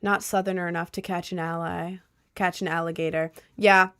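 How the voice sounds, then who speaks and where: A woman's voice: lowish voice, flat delivery, moderate pace, fairly bright tone, clean tone. Young woman streamer, casual and sarcastic. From Maryland, USA. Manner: playful, answers chat questions with dry sarcasm. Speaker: streamer reading chat. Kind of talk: casual livestream chat.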